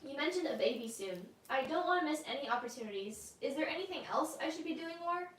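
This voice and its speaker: A woman co-hosting a live session, briskly reading viewers' questions aloud. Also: sits high, lively intonation, echoey room, recorded from a distance. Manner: brisk, reads questions quickly.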